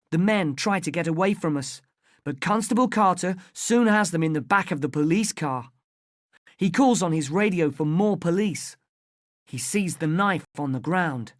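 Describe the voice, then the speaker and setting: A woman reading a first-person children's story aloud, clearly and carefully, for language learners. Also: lowish voice, expressive, moderate pace, dry recording, studio quality. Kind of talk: slow graded-reader story narration.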